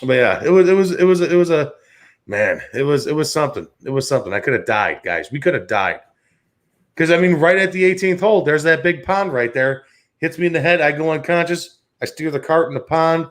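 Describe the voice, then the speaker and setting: A man's voice: on the high side, animated, fairly quick. A man in his thirties from the Chicago area, hosting a sports talk show and telling rambling, profane stories in which he acts out the other voices. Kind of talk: casual podcast storytelling.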